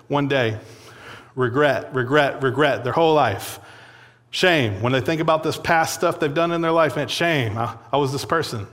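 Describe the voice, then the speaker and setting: A young man preaching in a relaxed, chatty way, his voice sitting a touch high for a man. He tells a story with plenty of fillers and short laughs, and a long hall reverb trails behind his words. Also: a little slow. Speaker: pastor. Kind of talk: sermon.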